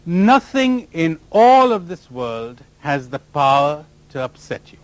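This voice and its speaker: Lively, teasing man giving a spiritual talk. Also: on the high side, slow, no room sound. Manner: animated, teasing, full of rhetorical questions; mimics other people in raised voices. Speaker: spiritual teacher. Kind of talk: spiritual talk to a live audience.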